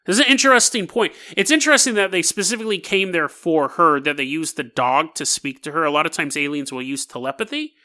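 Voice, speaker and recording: A man hosting a podcast, telling a strange tale in a casual, animated way and laughing between lines. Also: fairly high pitch, fast, hardly any pauses. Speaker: podcast host. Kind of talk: casual storytelling.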